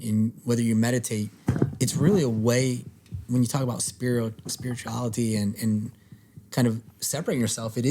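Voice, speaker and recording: A man hosting a podcast, chatting casually in a relaxed, rambling way with frequent restarts. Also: mid-range voice, slightly rough. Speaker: podcast host. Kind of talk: casual conversation.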